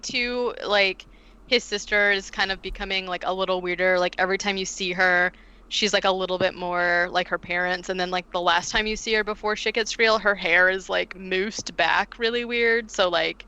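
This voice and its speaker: A woman with a lowish, clear, resonant voice co-hosts a podcast, recapping a film in casual chat. She's animated, says "like" constantly, and acts out the quotes. The recording is rough.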